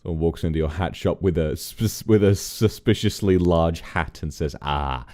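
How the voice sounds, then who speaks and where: A man's voice: sits low, moderate pace, mellow. A man hosting a stream, chatting and musing over a film as he watches it. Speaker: streamer host. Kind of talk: casual film watch-along commentary.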